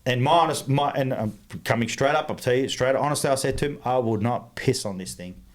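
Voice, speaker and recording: An Australian man speaks as a podcast guest at an ordinary middle pitch. His talk is blunt and rambling, full of restarts and asides. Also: fairly quick. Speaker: guest, engine builder. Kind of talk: casual podcast chat.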